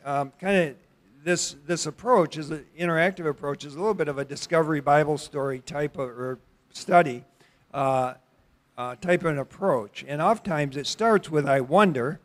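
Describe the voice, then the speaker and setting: A middle-aged man with a fairly high voice leads an interactive Bible study at church, chatting with the congregation, asking them questions, and stopping to restart his sentences.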